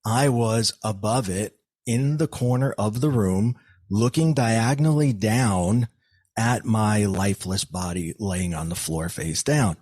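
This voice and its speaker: A man with a fairly low voice tells a personal story as a podcast guest. He speaks earnestly and often restarts his sentences, filling pauses with "um" and repeated words. The sound is dry and close, with no room echo. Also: darkish tone. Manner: earnest, many restarts and fillers.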